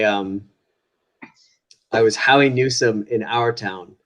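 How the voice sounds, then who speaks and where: Animated man. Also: medium pitch. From Wisconsin. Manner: animated, laughing, swears casually. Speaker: guest actor. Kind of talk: casual storytelling in an interview.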